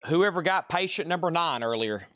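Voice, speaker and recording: A man hosting a live record sale stream, briskly rattling off prices and bidder names. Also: on the high side, expressive, a bit bright, no echo, studio quality. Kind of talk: live sales stream, calling bids.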